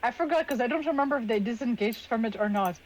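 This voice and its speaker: A woman's voice: fairly high pitch, fast talker, a little hiss or hum, poor audio. A woman playing a tabletop game, talking hesitantly with many fillers. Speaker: player.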